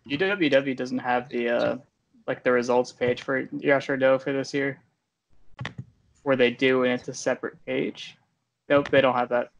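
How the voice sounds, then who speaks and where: A man with a gravelly, creaky voice chats on a podcast, dropping dry, offhand comments while he searches for results. The sound is dull and lo-fi. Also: medium pitch, level tone, moderate pace. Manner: dry, offhand remarks while looking things up. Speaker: podcast co-host. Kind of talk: casual podcast chat.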